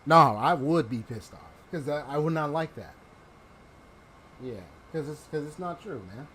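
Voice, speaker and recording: A man casually commenting on a game he is playing, animated and slangy, laughing often. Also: a little high, moderate pace, breathy edge. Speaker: let's play host.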